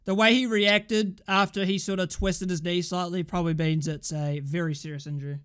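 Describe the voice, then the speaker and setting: A man reacting live to a football match for his fan channel, excitable and swearing, shouting at the players. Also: high voice, fairly quick, smooth.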